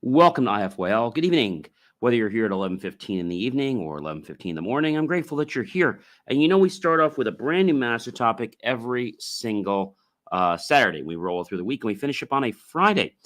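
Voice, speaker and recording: A man hosting his own podcast, talking loosely with many fillers and repeats, and breaking into drawn-out chanted oms to show how they sound. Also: mid-range voice, expressive, a bit bright. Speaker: podcast host. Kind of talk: casual solo podcast talk.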